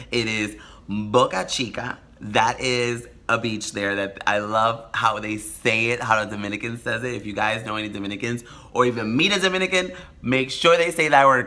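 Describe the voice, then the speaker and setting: A man telling a story in a casual, gossipy vlog, animated and camp, breaking into sudden high squeals. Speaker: vlogger.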